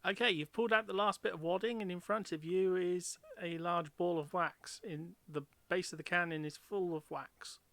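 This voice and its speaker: Male game master, bright tone, dry close sound, halting narration. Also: high voice, steady tone, vocal fry, no echo. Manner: hesitant, many ums while describing scenes.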